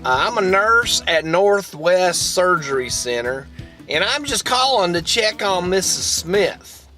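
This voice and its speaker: A polite, apologetic male nurse with a strong Southern US accent, as a man mimics him. The voice is pitched high and bright, and he speaks slowly and carefully. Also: sing-song, faint music behind, exaggerated voice.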